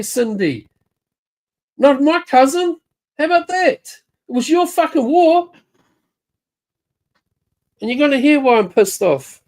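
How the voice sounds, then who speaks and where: A woman's voice: sits high, darkish tone. A woman with a New Zealand accent ranting angrily in a live chat, swearing nonstop and calling out people by name. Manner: heated, swearing constantly, jabbing at named people. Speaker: livestream chatter. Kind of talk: angry profane rant.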